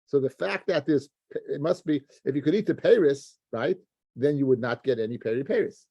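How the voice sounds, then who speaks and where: A man with a gravelly, dark voice teaches a daily Talmud lesson in a dry, close-sounding room. He works through the text step by step, stumbling and restarting words as he talks to his students. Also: medium pitch, normal speed, no room sound, dull audio. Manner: explains step by step, restarts words, addresses listeners as guys.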